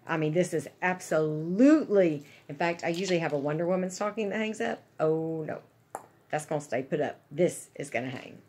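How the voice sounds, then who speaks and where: A woman's voice: sits low, animated, fairly quick, a little mellow, slight background noise. A woman chatting casually and gushing to her viewers about gifts she is unboxing. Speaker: vlogger.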